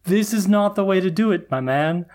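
A woman's voice: mid-range voice, animated, moderate pace, darkish tone. A woman co-hosting a podcast who talks bluntly and rants in exasperation. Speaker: podcast co-host. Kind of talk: casual recap chat.

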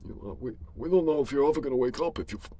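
A man's voice: medium pitch, animated, rapid-fire, warm tone, slightly rough. A man co-hosting an improvised comedy show, firing off incredulous questions. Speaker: co-host.

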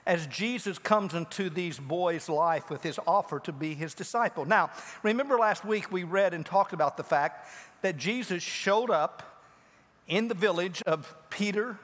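High-voiced preacher in a reverberant hall. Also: male voice, fairly bright tone. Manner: storytelling, acting out the quoted speakers with big pitch swings. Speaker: pastor. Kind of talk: sermon.

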